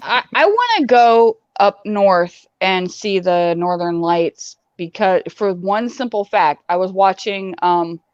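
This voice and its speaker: A woman's voice: mid-range voice, lively intonation, slow pace, few pauses, clean tone, no echo, highs cut off. A woman co-hosting a podcast in casual chat, playful and chatty. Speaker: podcast co-host.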